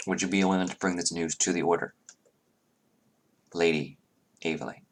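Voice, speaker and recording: A man's voice: low-pitched, normal speed. A man voicing a composed, formal duchess who speaks politely and carefully in a tabletop game. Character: formal, measured duchess, middle-aged woman. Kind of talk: tabletop role-play voicing.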